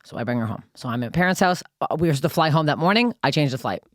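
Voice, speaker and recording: Woman, young adult, from Canada, podcast co-host, fast animated profane storytelling, dry sound. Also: low voice, no room sound. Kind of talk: casual storytelling chat.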